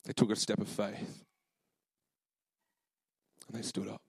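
A young man preaching in a low voice, telling a story casually and earnestly, with plenty of fillers. The sound is close and dry, with almost no room echo. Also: flat delivery, measured pace, creaky, slightly rough. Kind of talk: sermon storytelling.

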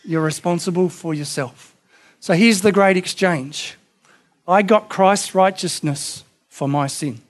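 A man pastor preaching a sermon with impassioned emphasis, rising to loud peaks and dropping to hushed, quiet lines. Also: high voice, a little slow.

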